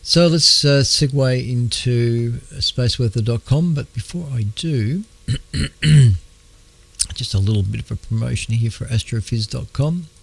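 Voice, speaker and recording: An Australian man hosts an astronomy radio show in a gravelly, mid-pitched voice. He talks casually and haltingly, with many ums and uhs. He keeps clearing his throat because his voice is wearing thin. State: losing his voice. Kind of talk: casual astronomy news talk.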